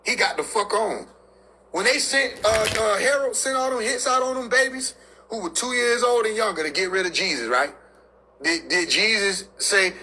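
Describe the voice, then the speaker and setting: A man's voice: sits high, lively intonation, normal speed, bright, forceful tone, a little hiss or hum, low-quality recording. A man in a casual, profane monologue rant, lecturing on scripture in street slang and laughing between his points.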